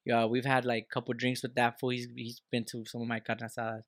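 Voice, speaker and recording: A man's voice: medium pitch, monotone, quick pace, no echo. A man co-hosting a podcast in a studio, telling stories in a rowdy, profane, slang-heavy casual chat. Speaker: podcast co-host.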